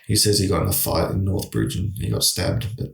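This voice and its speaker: A man's voice: low-pitched, very animated, a little fast, creaky, distant mic. A middle-aged man, telling a long story in casual chat, with many restarts. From Australia. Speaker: guest. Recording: echoey room.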